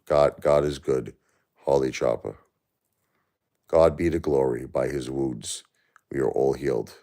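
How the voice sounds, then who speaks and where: A man's voice: very deep voice, steady tone, measured pace, mellow. A man hosting a live stream, talking in an exhausted, distressed way and repeating himself. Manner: weary, distressed, repetitive. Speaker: livestream host. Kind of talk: emotional live stream talk to chat.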